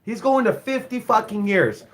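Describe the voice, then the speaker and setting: Expressive and high-pitched, this man's voice runs at a moderate pace. A wrestling school owner and head coach in his forties, he tells blunt, profane, rambling stories on a casual live stream.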